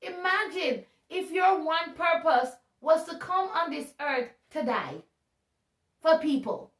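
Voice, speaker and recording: A woman's voice: very high voice, takes it slowly. Chatty woman teaching the Bible. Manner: chatty and animated, laughs at herself. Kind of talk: casual Bible talk. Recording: roomy sound from a distance.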